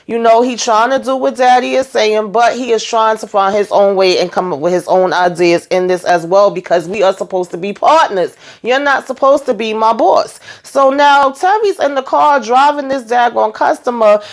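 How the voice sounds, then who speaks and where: A woman's voice: on the high side, normal speed, hardly any pauses. A woman vlogger giving a casual, sassy episode recap, chatty and swearing freely.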